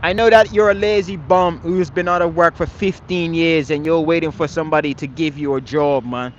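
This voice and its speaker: On a live stream, a man argues with his chat, confrontational and scolding, swearing often, repeating phrases and ending lines with "man." His voice is a little high with fairly even intonation at normal speed, in lo-fi sound with slight background noise.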